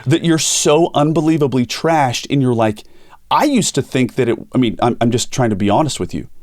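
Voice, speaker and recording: Mann, mittleren Alters, Podcast-Moderator, lebhaft erzählend, trockener Klang, nahes Mikrofon. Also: male voice, mid-range voice, fairly quick, no room sound, clean studio sound. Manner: animated storytelling, acts out quoted voices. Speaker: podcast host and pastor. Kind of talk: candid conversational podcast talk.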